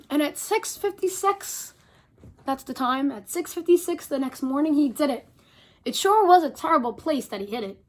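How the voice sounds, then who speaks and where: A woman reading a picture book aloud to children, animated, and stopping to talk to her young listeners. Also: high voice, moderate pace. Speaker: storyteller.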